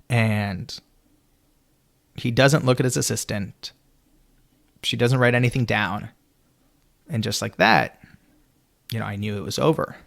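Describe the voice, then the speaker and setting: A man telling a story as a podcast guest, animated and full of "you know" fillers. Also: medium pitch.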